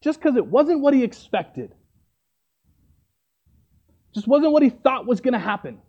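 A man's voice: very high-pitched, big pitch swings, a little slow, muffled recording. A man preaching a sermon, retelling a story in a conversational way and often checking in with "right?".

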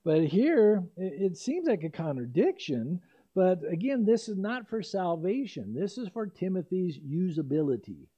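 The voice is fairly high-pitched yet dark in tone: an older man preaching an expository sermon as a pastor. He talks conversationally, with asides and corrections of himself, and the recording sounds dull and lo-fi.

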